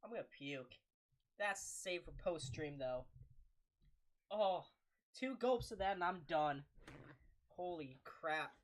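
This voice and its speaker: A man calling hockey play-by-play on a live reaction stream, excitable, with groans and laughs between calls. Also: fairly high pitch, slow, pauses often. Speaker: streamer commentator.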